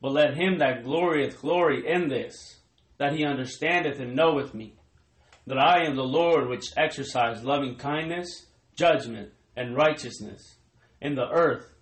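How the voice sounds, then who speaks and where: A man reading scripture aloud in a formal, declaiming way, his voice a bit louder than his normal speech. He stands some distance from the mic in an echoey room. His pitch is a middle male pitch. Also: measured pace. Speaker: scripture reader. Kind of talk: reading Bible verses aloud.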